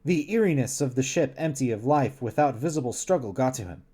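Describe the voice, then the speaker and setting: A man's voice: mid-range voice, expressive, a little fast, mellow, breathy edge. A man streaming a casual read-along of a novel, laughing often and stumbling over words. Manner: giggly, stumbles and restarts often. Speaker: streamer reading a novel aloud.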